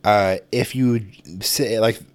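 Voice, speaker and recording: A man's voice: fairly low pitch, fairly even intonation, slow, clear, resonant tone, no room sound. A man co-hosting a podcast, telling rambling, profane stories about his kids. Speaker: podcast co-host, father. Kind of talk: casual chat.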